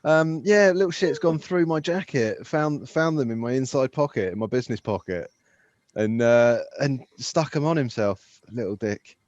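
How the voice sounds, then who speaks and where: A man's voice: mid-range voice, lively intonation, moderate pace, a little mellow, no room sound, highs cut off. A man co-hosting a podcast, telling a wry, laid-back story in casual chat. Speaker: podcast co-host, police officer.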